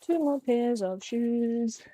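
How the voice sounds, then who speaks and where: Young woman, live-stream chat, rambling jokes, self-deprecating, relaxed slow pace. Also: fairly high pitch, slight background noise.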